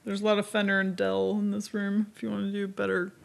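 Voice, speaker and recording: A middle-aged woman co-hosting a podcast, dry and unhurried in casual chat. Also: medium pitch, monotone, creaky. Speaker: podcast co-host.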